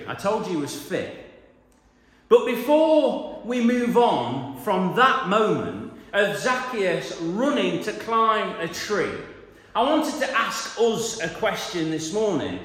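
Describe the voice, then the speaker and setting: A man's voice: high voice, a bit bright. A man preaching a conversational sermon in a church hall, with joking asides to the congregation. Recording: echoey hall, reverberant.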